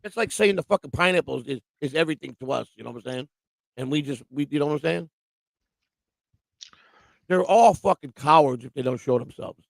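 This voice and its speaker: A man with a gravelly, rough-edged voice rants through a casual morning livestream. He rambles, swears freely and mocks people by quoting them. The sound is dry and close, with no room around it. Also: a little high, animated, fairly quick, pauses often, no room sound. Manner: profane, rambling, quotes people mockingly. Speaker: livestream show host. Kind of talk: casual ranting chat. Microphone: livestream microphone.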